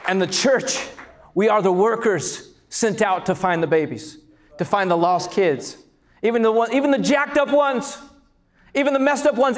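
High pitched preacher guy, fired up sermon, yells the big lines. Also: lively intonation, moderate pace. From California. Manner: passionate, swells to shouts on key lines. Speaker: pastor.

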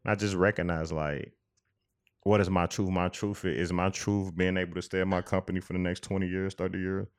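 A man's voice: low voice, level tone, fairly quick, clear, resonant tone. A man co-hosting a podcast, talking earnestly and reflectively in a casual chat, with many restarts. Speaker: podcast co-host.

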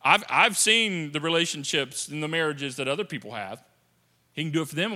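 A man's voice: on the high side, animated, fairly quick, pushed and bright. A man preaching a sermon as a pastor, conversational and playful, often acting out quotes in different voices. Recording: long hall reverb.

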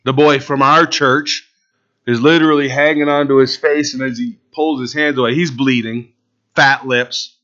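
A pastor preaching a sermon in an animated way, firing rhetorical questions and asides at his congregation. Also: mid-range voice, moderate pace, highs cut off.

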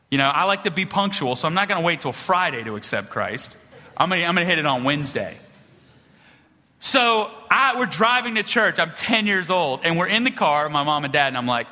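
Man, pastor, sermon in a big reverberant hall; bright, lively pitch, animated storyteller. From small-town rural upbringing. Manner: animated storytelling, swings between loud punchlines and hushed low passages.

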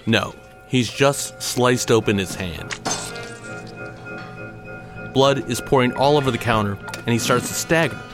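A man's voice: medium pitch, unhurried, pauses often, over music. A man telling a dramatic personal story in punchy, short clipped phrases.

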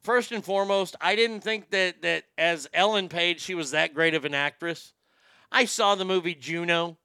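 A man's voice: high-pitched, moderate pace, pushed and bright, smooth, dry recording. Sarcastic male podcast host. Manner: sarcastic, dismissive, stumbling restarts. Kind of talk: opinionated talk show monologue.

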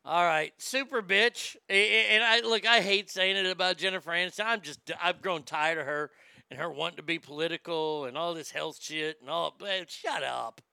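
A man's voice: a little high, steady tone, moderate pace, vocal fry, sharp tone, clean tone, no room sound, studio quality. A man hosting a comedic rant, profane, mocking and rambling.

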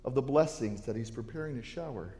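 A man preaches a sermon in a church, his voice mellow and warm at an ordinary pitch. He talks earnestly, often restarting his phrases, and a long reverb from the hall trails each line. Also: animated, brisk. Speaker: pastor. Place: church sanctuary.

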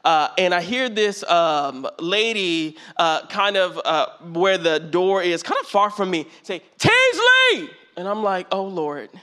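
A man's voice: high-pitched, unhurried, few pauses, fairly bright tone, smooth. A young man from California giving a sermon as guest preacher, in a conversational, joking way with many fillers.

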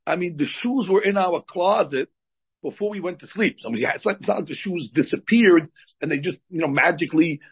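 A man's voice: on the high side, brisk, husky. A man, a rabbi, teaching a religious lesson in a conversational, explanatory way with personal stories. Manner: explanatory, conversational, with frequent fillers. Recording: dull lo-fi recording.

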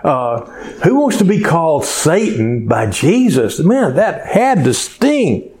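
A man's voice: fairly high pitch, big pitch swings, slow pace, a little mellow. A male pastor preaching a folksy, conversational sermon full of rhetorical questions to his congregation.

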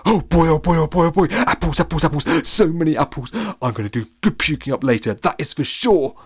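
A man doing a high overexcited slobbery pup. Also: lively intonation, a little fast, husky, no echo, clean studio sound. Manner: overexcited, breathless, babbling. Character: excitable greedy male slobbery puppy.

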